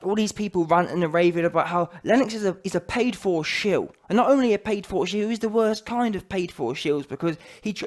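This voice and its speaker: Heated man ranting. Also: sits high. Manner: heated, slangy, mocking. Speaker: boxing commentary vlogger. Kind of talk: ranting commentary.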